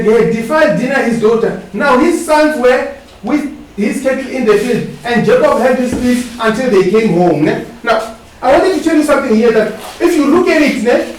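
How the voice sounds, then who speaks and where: Male preacher, very high voice, call-and-response sermon, questioning tags on his lines; far from the mic in a very echoey hall. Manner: asks the congregation to finish his sentences. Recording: echoey hall, distant mic, faint hiss.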